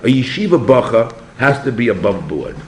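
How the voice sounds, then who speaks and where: Animated older rabbi teaching a class. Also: male voice, medium pitch, moderate pace. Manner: animated, asks the students questions, acts out voices. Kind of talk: yeshiva lecture. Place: yeshiva classroom.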